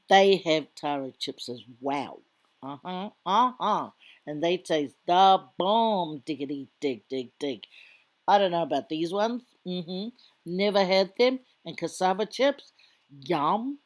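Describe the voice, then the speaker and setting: Slow, chatty mother narrating a vlog. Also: lowish voice. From Samoan community in Australia. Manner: chatty, playful, teasing asides. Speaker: vlogger, mother. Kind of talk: casual voiceover narration of shopping footage. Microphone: voiceover mic.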